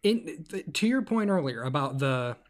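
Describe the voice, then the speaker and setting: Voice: mid-range voice, very animated, moderate pace, a little hiss or hum. A podcast co-host in casual sports chat, earnest and questioning.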